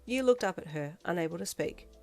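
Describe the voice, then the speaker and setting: Woman, fan fiction reader, second-person narration, steady delivery, lower voice. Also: a little fast, faint music behind.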